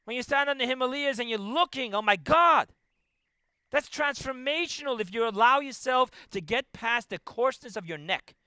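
A middle-aged man giving a Torah lecture as a rabbi, telling stories and swinging between loud emphasis and hushed asides. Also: extremely high pitch, expressive, normal speed, clear, resonant tone, no echo.

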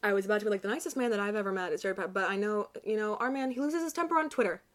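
A young woman in her twenties chatting casually, telling a lively story with quick asides. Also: mid-range voice. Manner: animated storyteller, quick asides and quoted voices. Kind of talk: casual chat.

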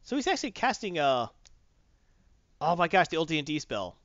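A rambling, animated man with a raised, lively voice, chatting casually as a comics host. The recording is dry and slightly dull. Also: fairly high pitch, brisk, no echo. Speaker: podcast host. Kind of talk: casual comic review chat.

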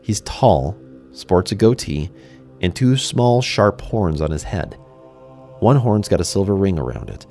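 A man's voice: low-pitched, animated, a little slow, warm tone, soft background music. A man narrating a first-person fantasy story in a conversational way, speaking to the listener directly.

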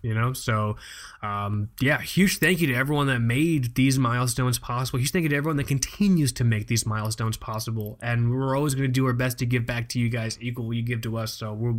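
A man's voice: medium pitch, fairly even intonation, a little fast. A man co-hosting a chatty podcast. He keeps it loose and joking and swears casually as he talks. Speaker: podcast co-host. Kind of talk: casual chat.

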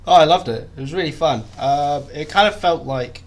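A man's voice: a little high, normal speed. A young man chatting as a podcast guest, self-deprecating and full of restarts. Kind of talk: casual interview chat.

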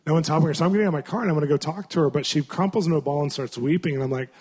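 A man, a Christian minister, telling stories in a sermon in an animated, conversational way. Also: on the high side, very fast, breathy edge. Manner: animated, conversational storytelling with frequent laughs. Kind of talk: storytelling sermon.

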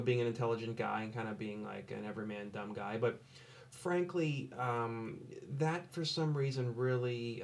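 An American man hosting, commenting on his own show in a rambling, self-questioning, mock-annoyed way. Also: mid-range voice. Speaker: podcast host. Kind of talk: solo commentary over a replay.

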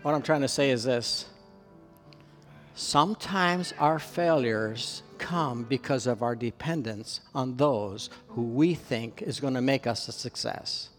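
A Canadian man, preaching as pastor, relates a personal story with earnest feeling, lifting his voice for emphasis. His voice is medium in pitch, slow and fairly bright, with faint music in the background. The church hall gives the recording a long, reverberant echo.

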